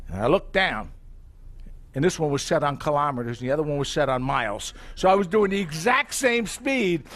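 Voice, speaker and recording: A middle-aged man giving a live sales presentation as company president, telling stories and asking the audience questions. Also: on the high side. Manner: animated storyteller, asks the audience questions.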